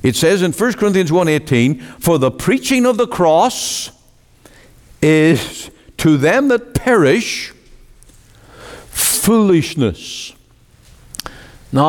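A man preaching in a church with a lively, swooping delivery, slow and deliberate. His voice rises into urgent appeals and sinks into hushed phrase endings. A long hall reverb trails every line. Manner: emphatic, swings between loud rising appeals and low drawn-out endings. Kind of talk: sermon.

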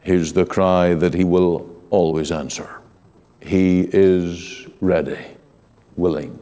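A man preaching a sermon in an earnest, pleading way, slow and deliberate, with quiet drops. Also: deep voice, fairly even intonation, big-room sound.

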